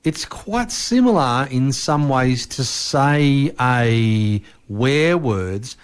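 A man's voice: medium pitch, animated, drawn-out words, clear, resonant tone. A man co-hosting a podcast, asking questions in a thoughtful, slightly hesitant way. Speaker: podcast co-host. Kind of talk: casual chat.

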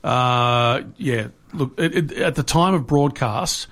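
A man's voice: mid-range voice, slow pace, fairly bright tone. A man co-hosting a radio show, chatting playfully with theatrical announcements. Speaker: radio co-host. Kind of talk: lively radio chat.

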